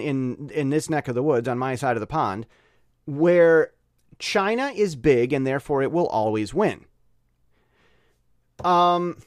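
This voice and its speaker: A male vlogger talks off the cuff in a rambling, opinionated way, often stumbling and restarting his sentences. His voice sits a bit high and swings widely in pitch. The sound is dry and close. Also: no room sound. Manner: rambling with frequent restarts and repetitions; opinionated, animated. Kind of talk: casual spoken commentary.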